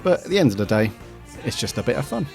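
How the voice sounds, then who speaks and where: A man's voice: mid-range voice, sing-song, fast, vocal fry, darkish tone, soft background music. A man hosting a podcast he started, talking in an easygoing, rambling way with many ums as he thanks listeners. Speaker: podcast host and founder. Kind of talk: casual chat.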